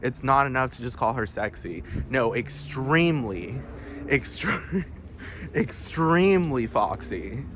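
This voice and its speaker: A man's voice: medium pitch, lively intonation, takes it slowly, background noise. A man vlogging a heated, profane rant with many restarts, outdoors. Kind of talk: casual ranting monologue.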